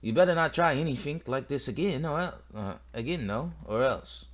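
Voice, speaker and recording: A man voicing a brash, boastful boy bully from a video game with a put-on British-style accent, taunting and shouting. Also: mid-range voice, lively intonation, normal speed, background noise, pitched above the performer's own voice, natural voice. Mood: cocky taunting. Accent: put-on British-style slang.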